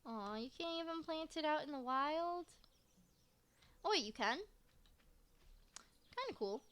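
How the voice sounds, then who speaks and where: A woman's voice: high-pitched, animated, a little slow, a bit bright. A woman streaming a farming game, chatting casually and joking as she plays. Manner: chatty, reads character lines aloud, jokey. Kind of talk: casual gameplay commentary. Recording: faint music behind.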